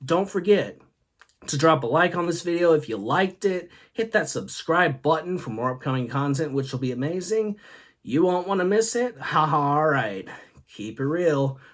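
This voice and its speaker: Man young male host, rambling jokey storyteller, animated up-and-down delivery, laughs at himself. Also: a little high, normal speed. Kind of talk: casual solo talk video.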